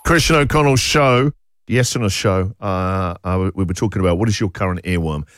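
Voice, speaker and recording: A male radio host in casual chat, reading listener texts aloud in an animated, self-mocking way. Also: sits low, fairly quick, dry recording, clean studio sound. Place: radio studio. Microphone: studio microphone.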